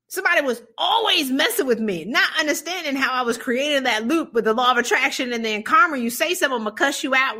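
A woman leads a casual conversation with animated energy. She laughs easily and slips into acting out what others said. Her voice sits high and sounds bright and sharp. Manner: animated, laughing, acts out quotes. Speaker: host.

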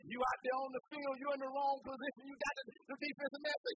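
A woman preacher, preaching an animated, colloquial sermon. She keeps prodding the congregation with questions and call-and-response. Her voice is very high, and faint noise sits under the recording. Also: fast, few pauses, rough recording.

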